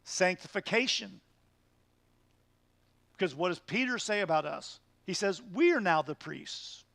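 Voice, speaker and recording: A man leads a midweek Bible study as pastor, teaching in an earnest, emphatic way and pushing his points with rhetorical questions. His voice sits fairly high for a man. The sound is close and dry, with almost no room echo. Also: expressive, a little slow, vocal fry, bright, forceful tone.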